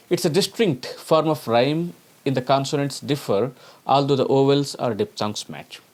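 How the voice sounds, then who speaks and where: A man's voice: mid-range voice, a little mellow. Man teaching a poetry lesson. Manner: repeats each example slowly, then explains it; poses questions to students. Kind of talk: recorded lecture.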